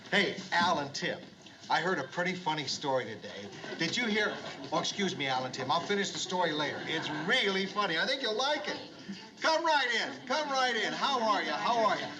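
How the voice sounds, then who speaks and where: An actor playing a gruff middle-aged bar owner who awkwardly tries to be jovial, in a 1970s sitcom. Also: male voice, on the high side, sing-song, a little fast. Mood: forced cheer. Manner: loud, awkwardly jovial greeter. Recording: noisy old TV soundtrack. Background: sitcom laugh track.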